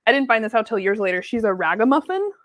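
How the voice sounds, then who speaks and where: A woman co-hosting a live sewing stream, chatting and telling animated stories. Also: a little high, fast talker, no room sound. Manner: chatty storyteller, acts out quotes. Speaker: co-host. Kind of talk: casual chat while sewing.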